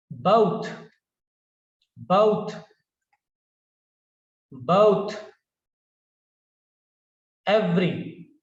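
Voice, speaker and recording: Slow, deliberate man drilling pronunciation. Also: high-pitched. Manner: repeats each word slowly, correcting common mistakes. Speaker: pronunciation teacher. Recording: roomy, distant, dull lo-fi sound.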